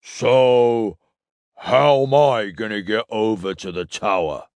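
A man reading a story, voicing Kref, a big, blunt male alien who talks slowly and plainly. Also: fairly low pitch, darkish tone, no room sound.

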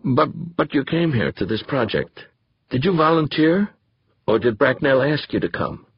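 A man voicing an earnest, gentle man of faith who presses questions and stammers a little. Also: mid-range voice, very animated, moderate pace, husky, no echo, lo-fi sound, voice pushed up.

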